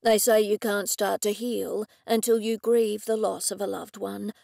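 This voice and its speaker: A woman voicing a grieving male businessman, speaking slowly and heavily with aggrieved frustration. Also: mid-range voice, little pitch movement, vocal fry, dark tone, no echo, studio quality. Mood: grieving, frustrated. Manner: slow, heavy, aggrieved pleading.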